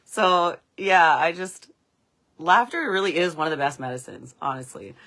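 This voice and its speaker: A woman's voice: fairly low pitch, animated, moderate pace, fairly bright tone. A young woman telling stories on a casual livestream, chatty and laughing often. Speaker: livestream host.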